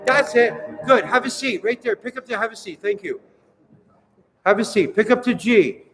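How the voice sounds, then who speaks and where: A man leading a choir rehearsal, counting in and coaching singers with brisk encouragement. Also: very high voice. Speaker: choir director. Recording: reverberant hall with music playing.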